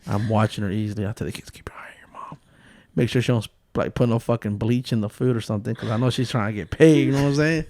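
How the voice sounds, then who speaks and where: A man's voice: mid-range voice, quick pace, few pauses, a little mellow, no room sound. A man in his thirties co-hosting a casual podcast, telling stories with loose jokes, swearing and frequent laughs. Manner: loose, joking, swears a lot, laughs often. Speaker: podcast co-host.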